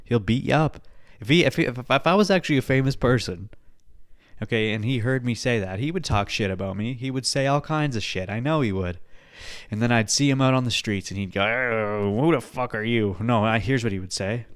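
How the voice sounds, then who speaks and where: A man's voice: medium pitch, fairly quick. A young man hosting a podcast alone, chatting casually, swearing often, rambling and laughing at his own jokes. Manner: profane, rambling, laughs a lot. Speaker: podcast host.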